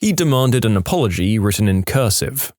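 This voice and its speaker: A man narrating funny reddit stories in an expressive, storytelling way. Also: lowish voice, fairly quick, no echo, clean studio sound.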